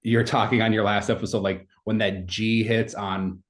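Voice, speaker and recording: A man in his thirties with a fairly low voice talks through a story in relaxed podcast chat. He rambles and scatters fillers all through his sentences. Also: moderate pace. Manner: rambling, many fillers like "like" and "you know". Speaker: podcast guest. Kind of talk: casual conversational storytelling.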